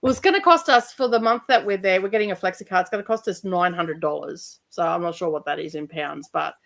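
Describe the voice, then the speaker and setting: A woman's voice: fairly low pitch, fast, creaky, a bit bright. A woman hosting a casual livestream, chatting with a guest and reading out viewers' comments, laughing often. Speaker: livestream host.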